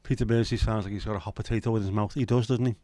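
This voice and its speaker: A man's voice: on the low side, fairly even intonation, racing, warm tone, no echo. A man hosting a casual livestream chat, chatty and sweary with self-deprecating humour. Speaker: livestream host.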